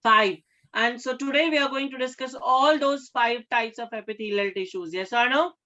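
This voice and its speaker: A woman science teacher giving a classroom lecture, often pausing to check in with her students and repeating key terms. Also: a little high, pushed and bright, lo-fi sound, some chatter behind. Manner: keeps checking with questions, repeats key words.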